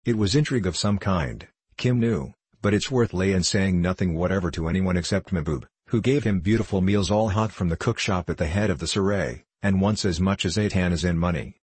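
A man narrating a classic novel as an audiobook, in a measured storytelling manner. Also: deep voice, darkish tone, husky, no room sound. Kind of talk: scripted narration.

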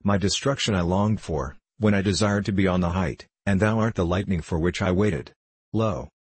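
A man reading the part of a troubled, despairing young man in plain, measured archaic speech. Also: deep voice, a little mellow, husky, no room sound. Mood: anguished.

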